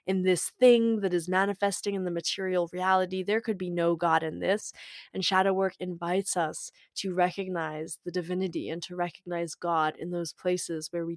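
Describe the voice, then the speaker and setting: A woman's voice: fairly low pitch, no room sound, clean studio sound. A woman talking casually about spirituality, playful and irreverent, swearing freely and laughing often.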